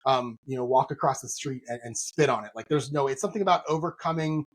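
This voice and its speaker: Husky guy on a podcast ranting fast through a story, rough throaty voice. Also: medium pitch. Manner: animated storytelling, venting about bad service. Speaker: podcast co-host. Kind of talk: casual podcast chat.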